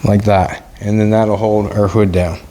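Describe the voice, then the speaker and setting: A man's voice: lowish voice, flat delivery, measured pace, background noise. A middle-aged man hosting a casual workshop vlog, chatty and talking to himself as he works. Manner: chatty, talks to himself while working. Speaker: host and car builder.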